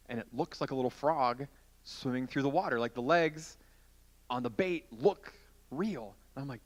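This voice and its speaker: A man preaching to a youth group, telling a long story in a chatty, animated way and acting out the scenes as he goes. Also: medium pitch, normal speed. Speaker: youth pastor.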